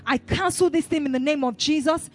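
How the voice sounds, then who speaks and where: A woman's voice: high voice, a little fast. A woman pastor, preaching a sermon and asking the congregation call-and-response questions. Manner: rising to shouted declarations.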